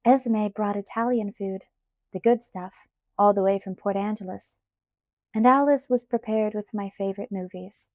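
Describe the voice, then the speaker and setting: Woman audiobook narrator, first-person read, warm mellow tone, steady pacing, dry sound. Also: medium pitch, moderate pace, no echo.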